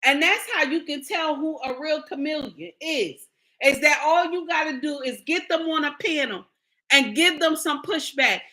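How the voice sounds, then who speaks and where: A middle-aged woman content creator, with a high, bright, forceful voice at a moderate pace, delivers a livestream commentary rant. She lectures and scolds her viewers in a blunt, preachy way.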